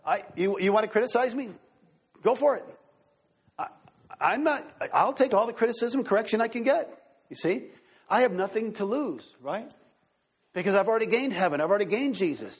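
A man preaching a sermon as pastor, excitable and animated, turning to the congregation with asides and questions. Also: sits high, a little fast, long pauses, breathy edge.

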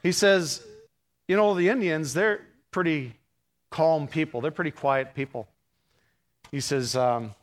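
Brief: male preacher, fairly high-pitched voice, hushed storytelling that swells into fervent peaks. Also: unhurried, pauses often. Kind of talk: storytelling sermon.

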